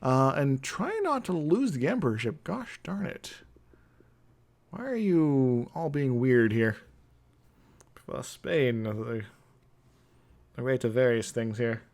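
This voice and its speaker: A young man streaming a strategy game, thinking out loud in casual commentary, chuckling and humming to himself as he plays. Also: mid-range voice, animated, slow pace, long pauses.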